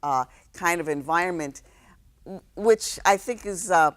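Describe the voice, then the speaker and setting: A woman in her sixties from New York City, a guest telling stories in a relaxed interview, reflective, with many fillers and restarts. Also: on the low side, unhurried. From New York City, South Bronx. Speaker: guest, actress.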